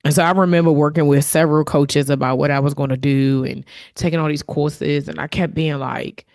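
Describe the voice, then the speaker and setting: A woman's voice: low-pitched, fairly even intonation, a little fast, creaky, a little mellow. A woman hosting her own podcast, talking candidly and from the heart in a reflective solo monologue, with fillers and restarts. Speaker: podcast host.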